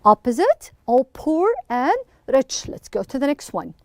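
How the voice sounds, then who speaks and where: A woman's voice: high voice, big pitch swings, unhurried, dry recording. A woman teaching an English lesson to young pupils, prompting with questions and praising answers encouragingly.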